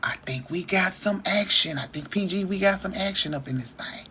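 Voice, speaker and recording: A woman's voice: medium pitch, moderate pace, sharp tone, slight background noise. A woman, hosting a casual livestream and talking straight to her viewers in a chatty, emotional way. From Arkansas. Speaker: livestream host.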